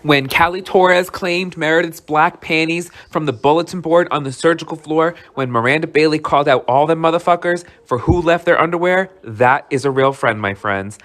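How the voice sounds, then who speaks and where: A man's voice: a little high, moderate pace, hardly any pauses, a bit bright, soft background music. Brash man, profane comedic rant. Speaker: TikTok fan.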